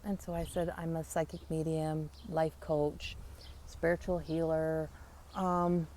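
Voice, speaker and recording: A woman's voice: sits low, slow, a little hiss or hum. A woman, a psychic medium, chattily telling a personal story and acting out the dialogue. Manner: chatty, animated retelling with quoted dialogue.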